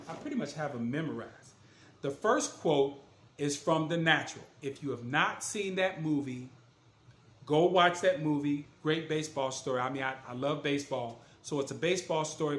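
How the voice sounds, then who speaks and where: A man's voice: fairly high pitch, a bit bright. A man, an author and motivational speaker, telling his story in a casual, earnest and emphatic way. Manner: earnest and emphatic, retelling scenes with voiced quotes. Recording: echoey room.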